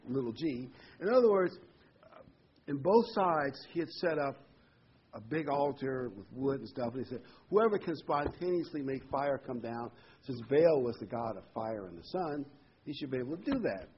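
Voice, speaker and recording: Animated male Bible teacher, husky lo-fi. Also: mid-range voice, moderate pace. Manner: animated retelling, voice jumping up when mocking. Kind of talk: Bible study lesson.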